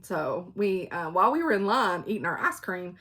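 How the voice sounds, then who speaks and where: A middle-aged woman, telling stories in a loud, chatty vlog and laughing often. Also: fairly low pitch, sing-song, moderate pace, slightly rough. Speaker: cross-stitch vlogger. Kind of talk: casual storytelling chat.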